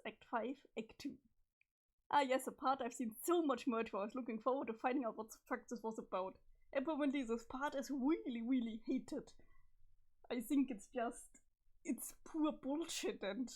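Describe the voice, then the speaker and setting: A woman reads a webcomic aloud on a livestream, chatting and reacting as she goes. She laughs often and swears casually. Her voice is high. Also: darkish tone. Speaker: streamer reading a webcomic aloud. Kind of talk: casual livestream reading and commentary.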